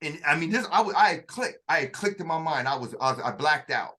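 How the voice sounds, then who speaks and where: A man with a somewhat high voice tells a story from his own life in relaxed conversation. He stops and restarts often, searches for words, and slips into the voices of the people he is quoting. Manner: halting, with frequent restarts and acted-out quotes. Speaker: author telling his story.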